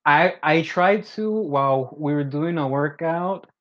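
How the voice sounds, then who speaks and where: A man co-hosting a podcast, casually telling a story in a relaxed, slangy way. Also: a little high, unhurried. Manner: laid-back storytelling, slangy. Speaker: podcast co-host. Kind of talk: casual chat. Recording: dull lo-fi sound.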